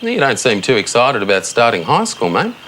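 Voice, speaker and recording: A breezy Australian dad. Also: male voice, mid-range voice, wildly swooping pitch, brisk, a bit bright, slight background noise. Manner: breezy, chummy, keeps calling his son mate. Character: blithely tactless suburban dad, cheerful and careless. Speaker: father tucking his son into bed. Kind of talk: TV sketch comedy acting. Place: child's bedroom at night, a TV set.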